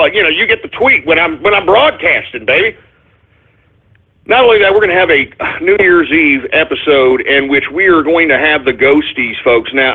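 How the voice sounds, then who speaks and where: A middle-aged man hosting his own call-in radio show, ranting loudly and emphatically, swearing and hurling insults. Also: fairly high pitch, slightly rough. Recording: tinny phone-line quality.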